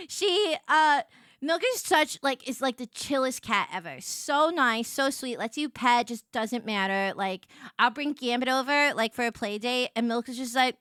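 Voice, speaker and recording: A woman streamer chatting casually to her viewers, bubbly and excitable, rambling with lots of "like"s and squealing over cute things. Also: high-pitched, clear, resonant tone, no echo, clean studio sound. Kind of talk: casual live-stream chat.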